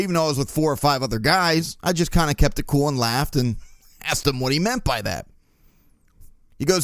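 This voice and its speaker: A man hosting a podcast, telling stories in a casual, profane, animated way. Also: on the high side, brisk, no echo, clean studio sound. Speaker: podcast host. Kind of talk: casual monologue.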